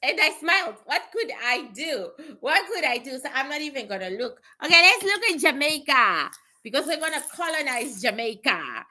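Bright higher-voiced woman doing psychic predictions, blunt, swears a lot, laughs at herself. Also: moderate pace. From Canada. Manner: animated, asks and answers itself. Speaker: psychic reader.

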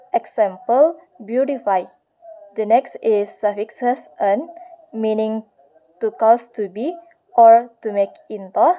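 A young woman student slowly reading a class presentation on word suffixes, halting through a list of examples. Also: fairly high pitch, warm tone. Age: young adult. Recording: dull lo-fi recording.

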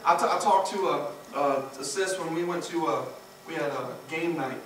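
High-voiced preacher in an echoey church. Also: male voice, normal speed. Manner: emphatic, swinging between loud peaks and hushed low passages. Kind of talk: sermon. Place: church sanctuary. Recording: echoey church from far off, noisy.

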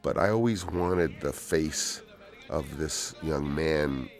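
A man in his sixties telling anecdotes in a relaxed, rambling way for a film commentary, dropping to soft-spoken asides. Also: a bass voice, takes it slowly, faint music behind. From United States. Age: 60s. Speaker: film director. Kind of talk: DVD audio commentary, anecdotal storytelling.

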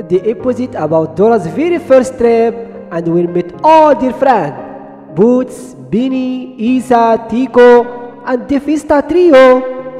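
Man, native arabic speaker, retelling a cartoon, lively pitch, reverb, faint music. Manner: simple broken English, animated. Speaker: cartoon channel host.

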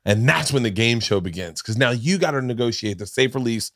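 A man hosting a podcast, telling comic stories in a casual, animated way and acting out quoted lines with big jumps in pitch. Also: a little fast, dry recording, clean studio sound. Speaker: podcast host. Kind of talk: casual comedic storytelling.

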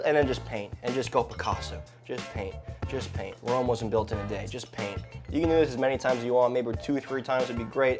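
A male chef hosting a casual cooking vlog in his kitchen, upbeat and playful, swearing now and then. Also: mid-range voice. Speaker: chef and show host.

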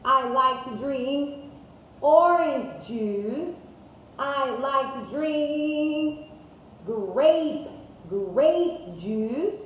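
A woman teaching English to children, speaking slowly in a sing-song way and repeating each word. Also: high voice, distant mic. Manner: slow, sing-song, repeats words and translates into Spanish. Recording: echoey room with faint hiss.

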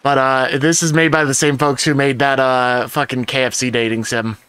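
A man talks casually over a game he is co-playing, swearing freely and explaining his choices on the fly. His tone is bright and forward. The sound is dry and close, with no room echo. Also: medium pitch, little pitch movement, clean tone. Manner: casual and profane, with quick explanations. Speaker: co-player guest. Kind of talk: casual gaming banter.

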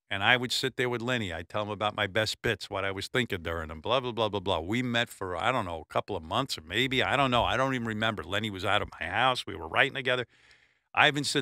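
A man's voice: on the low side, quick pace, bright, forceful tone, no room sound, clean studio sound. A man hosting a radio show, telling a blunt, profane story with lots of asides. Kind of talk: casual storytelling tribute.

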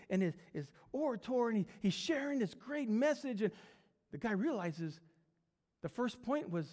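Pastor, male, high voice, lively storyteller who acts out the characters, long church reverb. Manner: animated storyteller, voicing characters with many restarts. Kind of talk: sermon with a storytelling anecdote. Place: small church sanctuary.

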